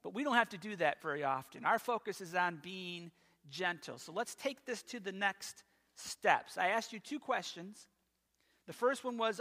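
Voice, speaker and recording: Bright-voiced pastor in a reverberant hall. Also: male voice, high voice. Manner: animated storytelling with quick asides. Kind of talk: sermon. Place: church sanctuary.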